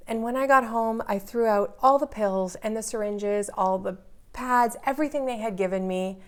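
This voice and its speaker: A woman's voice: fairly high pitch, moderate pace, clean tone. A woman in her forties, earnestly telling a personal story in an interview and building intensity as she goes.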